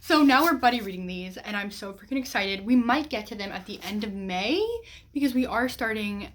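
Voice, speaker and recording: A woman's voice: medium pitch, fairly bright tone. A young woman vlogging to camera about her reading plans, bubbly and gushing, with a run-on, chatty way of talking. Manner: bubbly, gushing, fast-running sentences with many "like"s. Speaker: book vlogger. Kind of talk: casual chat to camera.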